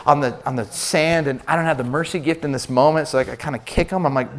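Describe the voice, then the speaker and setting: A man preaching a sermon, telling personal stories in an animated way and acting out the people he quotes. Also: a little high, fast talker, few pauses. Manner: animated storyteller, acts out quoted voices. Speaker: pastor.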